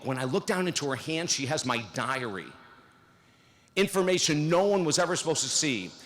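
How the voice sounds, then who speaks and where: A man in his sixties giving a commencement speech, telling stories and acting out the dialogue in them. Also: mid-range voice. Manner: storytelling, animated, acts out dialogue. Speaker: convocation speaker. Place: large field house.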